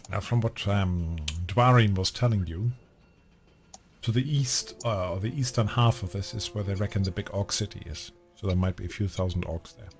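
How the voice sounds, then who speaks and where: A man runs a tabletop game in a low, relaxed voice. He rambles with ums and restarts, and faint music plays behind him. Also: moderate pace. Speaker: game master. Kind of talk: running a tabletop game, casual.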